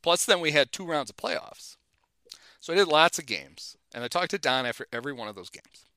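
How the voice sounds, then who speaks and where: A man's voice: a little high, fairly quick, dry recording. A middle-aged man telling baseball-era anecdotes in casual chat, acting out the people he quotes. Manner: animated anecdotes, acts out quotes. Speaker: guest telling stories.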